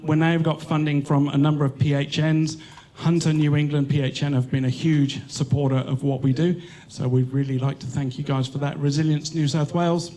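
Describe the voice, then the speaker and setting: A man with an Australian accent giving a speech at an event as a charity co-founder, lively and laughing as he acts out quotes. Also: on the high side. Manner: lively storyteller, acting out quotes with excited laughter. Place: event hall.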